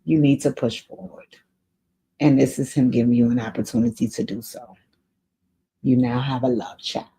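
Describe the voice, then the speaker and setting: An earnest woman with a warm, slightly rough bass voice speaks at a steady tone and normal speed, pausing often. Off camera and voice only, she hosts an advice show and answers a viewer's letter with casual, encouraging, faith-minded spiritual counsel, repeating her main points for emphasis.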